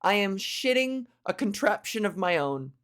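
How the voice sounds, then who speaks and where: A crude, animated woman comedian riffs through a podcast monologue. She swears freely and keeps jumping into little acted-out scenes. Her pitch sits in the ordinary middle for a woman. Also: moderate pace. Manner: animated, crude, acts out voices. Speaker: podcast host.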